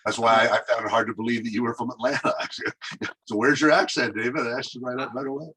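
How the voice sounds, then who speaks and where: A man's voice: mid-range voice, fairly even intonation, very fast, fairly bright tone, husky, low-quality recording. A man hosting a casual chat, agreeing and teasing his guest.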